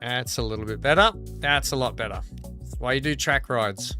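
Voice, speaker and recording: A man's voice: mid-range voice, moderate pace, faint music behind, poor audio. A man chatting casually while playing a game on a livestream, telling stories with frequent laughs. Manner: animated storyteller, laughs often, chatty. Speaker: streamer.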